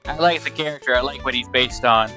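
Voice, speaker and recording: A man's voice: mid-range voice, fast, bright, forceful tone. A man streaming a game, playful and self-mocking as he comments and does voices. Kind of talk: let's play commentary. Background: game music.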